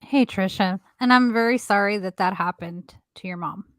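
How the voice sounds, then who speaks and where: A woman's voice: mid-range voice, normal speed, no room sound. Woman in her thirties, co-host, casual podcast chat, frank and earnest, dry close sound.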